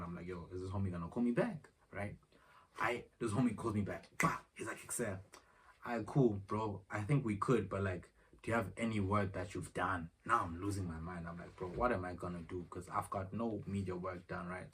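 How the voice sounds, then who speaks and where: A young man with a deep, brisk voice tells a rambling, slangy vlog story at home, acting out the conversations back and forth. He records on his phone, and the distant mic carries faint noise.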